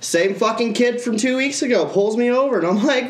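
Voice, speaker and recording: A man's voice: very high voice, animated, brisk, hardly any pauses, roomy sound. A man hosting a casual podcast, telling a story in a profane, ranting way. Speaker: podcast co-host.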